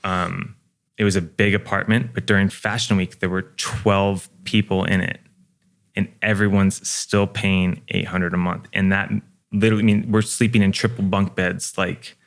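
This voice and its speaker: A man's voice: low-pitched, little pitch movement, moderate pace, gravelly. A young man, a guest, chatting casually on a podcast in a laid-back, profane way full of fillers.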